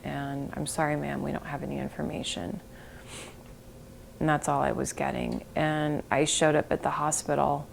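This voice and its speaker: A middle-aged woman giving an emotional interview, halting and breaking off, sometimes dropping to a whisper. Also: sits low, level tone, gravelly, a little hiss or hum. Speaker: interviewee, bereaved mother.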